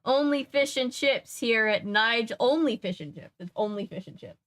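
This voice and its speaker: A woman voicing a matter-of-fact male waiter who talks slowly and emphatically. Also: a little high, a bit bright, lightly acted. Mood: plain.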